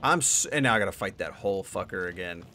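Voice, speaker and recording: A young man in a let's play, talking through the game, excitable, swearing and thinking out loud. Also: sits low, fast, soft background music. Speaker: gaming YouTuber.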